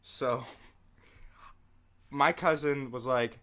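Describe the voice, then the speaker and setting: A young man co-hosting a casual podcast, telling stories in an animated way, swearing and laughing often. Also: medium pitch, slow pace. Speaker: podcast co-host.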